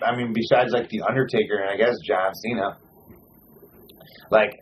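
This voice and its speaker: A man hosting a wrestling podcast in casual chat, cursing freely and talking with animated swings. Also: lowish voice, moderate pace, a little hiss or hum, rough recording. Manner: profane, animated, lists names in runs. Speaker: podcast host.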